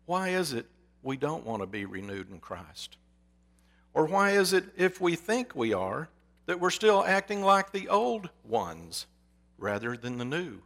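A man's voice: a little high, sing-song, measured pace, creaky. A man preaching a sermon in an earnest, storytelling manner. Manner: earnest, telling a story with hushed quoted whispers.

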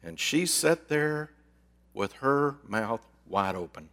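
A male pastor preaching a sermon, telling folksy, animated stories. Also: medium pitch, takes it slowly. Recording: long reverb of a large hall.

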